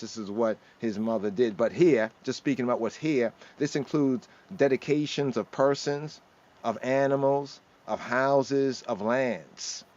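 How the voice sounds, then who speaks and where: A man's voice: mid-range voice, a little mellow. A man expounds scripture verse by verse in a mid-range voice, mixing in Hebrew terms. He keeps checking in with his listeners. The stream audio is a little dull and lo-fi. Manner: expounding verse by verse, sprinkling in Hebrew words and asking "right?". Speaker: Rastafari scripture teacher. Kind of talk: livestreamed scripture teaching.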